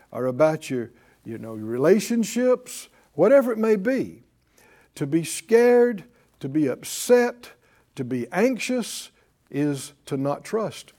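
A man's voice: a little high, a little mellow. A man preaching a sermon, building emphasis and drawing responses from his congregation. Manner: emphatic call-and-response preaching, rising in force. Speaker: pastor.

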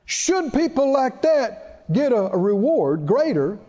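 A man's voice: very high-pitched, sing-song, slow pace, mellow, highs cut off. A male pastor preaching a sermon with emphatic delivery, his voice surging on key phrases.

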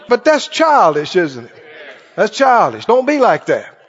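A man preaching with a high, lively voice that swoops up and down as he tells folksy stories to his congregation. The recording is dull and lo-fi, and his voice rings in a long hall reverb. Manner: folksy storytelling, asks the congregation "Right?". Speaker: pastor. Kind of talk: sermon.

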